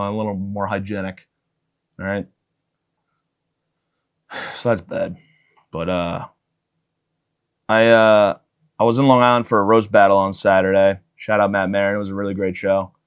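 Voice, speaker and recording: A man in his thirties hosting a comedy podcast, rambling through a profane solo monologue and jumping into loud excited bits. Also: on the low side. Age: 30s. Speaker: podcast host.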